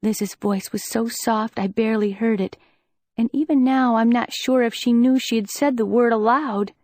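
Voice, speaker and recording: A woman narrating a first-person audiobook in a measured, earnest storytelling manner. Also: a little high, fairly even intonation, a little mellow, no room sound, studio quality.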